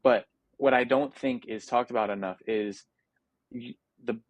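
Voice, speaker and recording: Guesting on a casual interview, this young Paralympic athlete from the United States talks earnestly and reflectively, often restarting and using fillers. His mid-range voice stays fairly even and unhurried, and the recording is dry.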